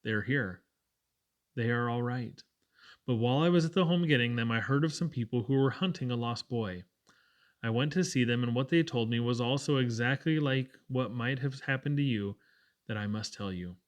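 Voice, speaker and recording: A man voicing a gentle but firm young woman who soothes a sick friend. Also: medium pitch, moderate pace, natural voice. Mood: soothing.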